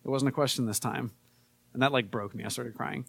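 A man's voice: mid-range voice, a little fast, creaky, slightly rough, dry recording. Conversational male preacher, dry sound. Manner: conversational, relaxed, with frequent fillers. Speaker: pastor. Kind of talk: casual sermon.

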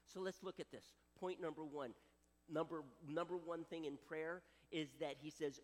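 Pastor guy preaching, high voice, lots of echo in the hall. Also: normal speed. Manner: animated, dramatic preaching with acted quotes. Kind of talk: sermon.

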